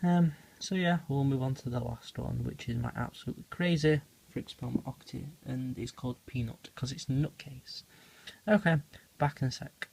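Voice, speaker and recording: A man chats loosely through a home vlog, filling gaps with ums and hesitations. His mid-pitched voice carries a gravelly fry, and he goes hushed whenever he leans in close. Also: normal speed. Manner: rambling, many ums, talks quietly near the animals. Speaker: tarantula keeper filming feedings. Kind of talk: casual off-the-cuff vlog narration.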